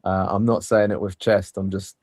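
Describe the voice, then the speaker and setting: A man's voice: low voice, flat delivery, moderate pace, darkish tone, dry recording. A man co-hosting a casual football podcast, talking in a hopeful, easygoing way and hedging his views. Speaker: podcast co-host.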